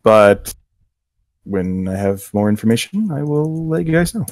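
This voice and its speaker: A middle-aged man in casual chat, telling a story about his job with quick quoted voices. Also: fairly low pitch, dry recording. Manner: animated anecdote with acted quotes. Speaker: game company co-worker telling his hiring story.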